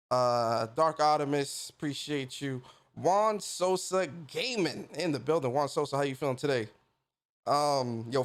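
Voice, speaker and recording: A man hosting a casual gaming livestream, greeting viewers by name in a laid-back, slangy way. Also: fairly high pitch. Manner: laid-back slangy shout-outs, lively. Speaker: podcast host.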